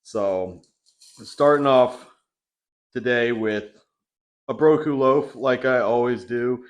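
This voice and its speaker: A young bodybuilding vlogger chats casually from his home kitchen, talking loosely with plenty of fillers. His voice is medium-pitched, and he takes it slowly.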